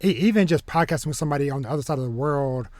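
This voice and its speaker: Halting man host with a higher voice. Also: darkish tone, dry recording. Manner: halting, many restarts and fillers, laughs easily. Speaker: podcast host. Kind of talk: casual podcast chat.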